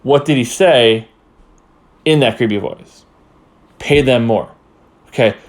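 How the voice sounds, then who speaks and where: A man's voice: medium pitch, slow pace. A man hosting a political commentary podcast, talking in a rambling, heated way and repeating himself. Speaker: podcast host.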